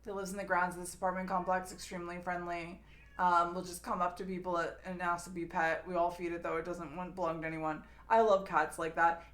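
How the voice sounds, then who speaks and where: A woman's voice: lowish voice, fairly even intonation, a little fast. A young adult woman streamer chatting casually with her viewers, rambling and swearing freely.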